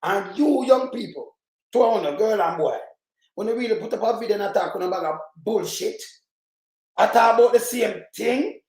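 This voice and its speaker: Jamaican guy ranting on a livestream, swears a lot, really high voice, echoey room. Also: normal speed. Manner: profane, ranting, shouts often. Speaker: livestream host. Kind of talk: heated live commentary.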